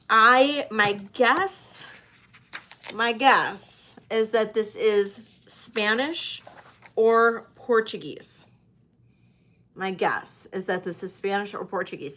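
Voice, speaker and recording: A woman's voice: medium pitch, fairly bright tone. A woman selling jewelry in a live-stream auction, chatty and hesitant with many fillers. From United States.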